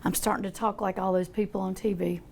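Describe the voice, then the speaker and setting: A woman's voice: medium pitch, level tone, fast, gravelly, a little mellow, slight background noise. An older woman demonstrating a painting, talking in a chatty, folksy way as she thinks aloud. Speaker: art teacher.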